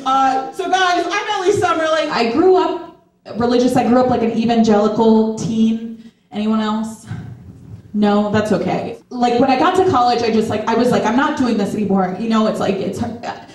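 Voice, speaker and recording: A woman's voice: fairly high pitch, moderate pace, darkish tone. A woman in her thirties doing a chatty, self-deprecating stand-up set in the back room of a shop. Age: 30s. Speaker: stand-up comedian and host. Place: back room of a skate shop, live audience. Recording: echoey room, mic from far off.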